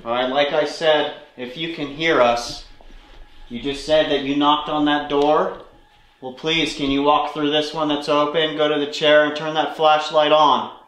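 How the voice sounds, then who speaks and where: A man's voice: on the high side, level tone, unhurried, a bit bright. A man hosting a ghost hunt inside an old building, earnestly pleading with spirits to answer. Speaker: paranormal investigator host. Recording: roomy echo.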